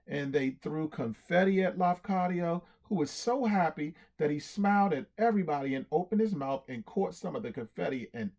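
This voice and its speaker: A man reading a storybook aloud in an animated way, acting out cheers and sound effects. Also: fairly high pitch, moderate pace, gravelly, few pauses.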